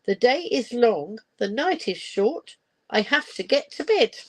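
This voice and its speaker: A woman's voice: a little high, very animated, unhurried, a little hiss or hum, pitched above the performer's own voice, rough recording. A woman voicing a wise old male owl in a picture book she reads aloud, lecturing and grumbling. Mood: brisk.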